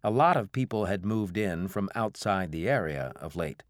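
An audiobook narrator reads a novel aloud in scripted narration, measured and even. His deep voice is captured with studio quality and no room sound.

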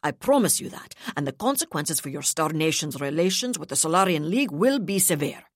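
A woman's voice: sits low, animated, normal speed, slightly rough, no echo, studio quality, exaggerated voice. A woman voicing an arrogant, scheming male colonial governor who speaks coldly and condescendingly. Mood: indignant. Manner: cold, inflexible, condescending.

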